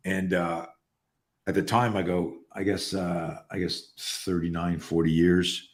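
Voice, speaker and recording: A man's voice: deep voice, measured pace. A man in his sixties, a podcast guest, telling stories in a casual chat, often restarting his words and livening up when he quotes people. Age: 60s. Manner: repeats words on restarts, animated when quoting others. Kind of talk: casual storytelling.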